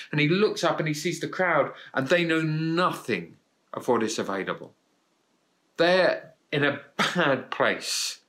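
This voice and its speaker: A man's voice: medium pitch, a bit bright. A man preaching a sermon, earnest and encouraging, his voice rising and dropping for emphasis. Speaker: pastor.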